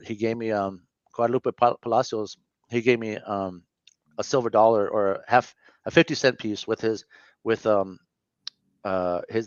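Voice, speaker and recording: A man in his fifties, a guest telling a personal story in an interview, earnest and candid, with halting speech and frequent self-corrections. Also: lowish voice, dry recording, highs cut off. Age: 50s.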